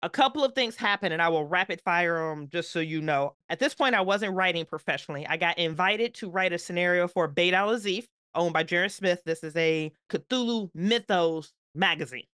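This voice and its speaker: A woman guest on a podcast, telling a story in an animated, emphatic way with playful asides. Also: fairly low pitch, a little fast, hardly any pauses, smooth, no room sound, clean studio sound.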